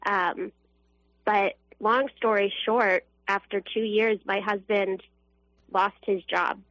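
A woman's voice: mid-range voice, fairly even intonation, slow pace, a bit bright, dry recording. A young woman calling in to a radio show, telling a personal faith story earnestly, with fillers and restarts. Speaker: caller. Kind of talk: emotional personal testimony. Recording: dull phone line, dry.

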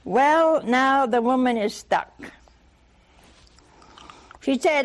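An older woman with a high voice preaches very slowly, telling a Bible story full of lively rhetorical questions and acted-out dialogue.

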